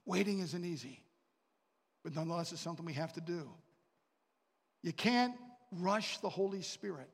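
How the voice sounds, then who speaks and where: A man's voice: sits high, moderate pace, vocal fry, long pauses. A man preaching a sermon, telling stories and asking the congregation questions. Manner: storytelling, with asides and questions to the congregation. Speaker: pastor. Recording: long reverb of a large hall.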